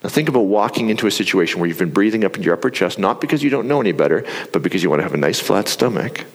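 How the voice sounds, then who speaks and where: A middle-aged man speaking from a stage, calmly coaching an audience through a breathing exercise. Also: fairly low pitch, rapid-fire, husky. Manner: calm, coaching, with demonstrations. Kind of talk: live talk with guided breathing. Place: large hall before an audience. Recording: live hall with long reverb.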